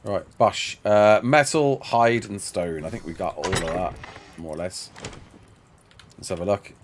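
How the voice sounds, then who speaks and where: This gaming streamer sounds low and a little slow, with slight background noise behind him. Running on little sleep, he chats loosely and rambles while answering viewers' questions mid-game.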